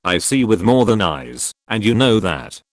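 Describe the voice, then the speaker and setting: A man reading aloud the gentle, measured lines of a wise and tender queen mother. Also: lowish voice, big pitch swings, no echo, clean studio sound.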